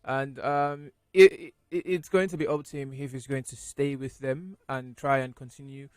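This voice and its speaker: A man's voice: mid-range voice, fairly even intonation, moderate pace, darkish tone, no echo. Guy on a sports radio panel, lots of um and uh, dry close mic. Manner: hesitant, lots of ums and restarts. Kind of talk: casual sports talk.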